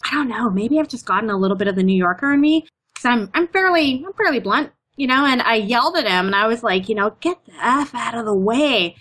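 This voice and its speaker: A fast-talking Canadian woman with a voice on the high side joins a casual chat as a guest. She fills her stories with "like" and "you know," acting them out in lively, chatty retellings.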